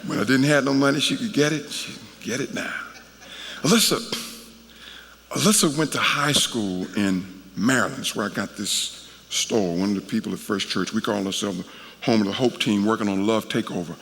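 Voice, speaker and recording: A man's voice: lowish voice, moderate pace, a bit bright. A middle-aged man preaching a folksy, conversational storytelling sermon at a church conference, talking to the crowd as he goes. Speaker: guest preacher. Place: large worship hall at a church conference. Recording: reverberant hall.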